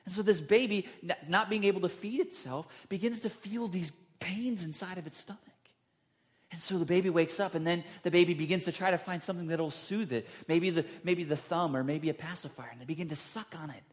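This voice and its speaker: A man preaching a sermon, acting out the people's words with sudden jumps in pitch and loudness. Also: brisk. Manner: dramatic, acts out quotes with big pitch jumps. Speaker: pastor.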